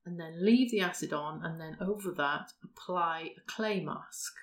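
A woman's voice: on the low side, unhurried. A woman, co-hosting a casual podcast chat and explaining a routine step by step. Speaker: podcast co-host.

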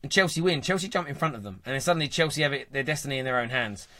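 Fast bright-voiced football host. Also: male voice, mid-range voice, no echo. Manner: fast, excitable talker. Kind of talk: live football fan show chat.

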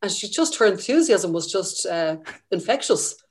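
A woman's voice: mid-range voice, sing-song, normal speed, husky. A middle-aged woman from Ireland, a ski journalist, talking chattily and with enthusiasm in a casual interview.

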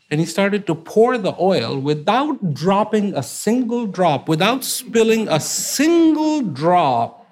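A man telling folk parables in a casual, animated way, with conversational fillers. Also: sits high. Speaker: storyteller. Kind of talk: casual spoken storytelling.

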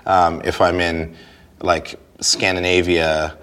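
A man's voice: low voice, flat delivery, takes it slowly, fairly bright tone, clean tone. A man talking casually as an interview guest, rambling and restarting sentences, often breaking into laughter. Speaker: guest, stage performer.

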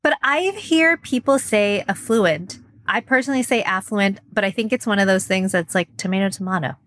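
Woman, co-host, casual chat, teasing, relaxed, fairly high pitch, dry close recording. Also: a little fast, no echo. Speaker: podcast co-host.

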